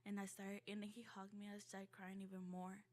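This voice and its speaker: A young woman from Ecuador shares a personal story aloud, her voice sitting at an ordinary middle pitch. She talks in a halting, heartfelt way, pausing, restarting and filling gaps with small hesitations. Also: completely flat delivery, darkish tone.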